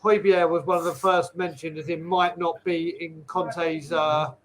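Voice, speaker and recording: A man's voice: a little high, level tone, measured pace, a little hiss or hum. A man joining a live stream as a guest and talking football earnestly. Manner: earnest, fond of the player. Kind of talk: casual football talk.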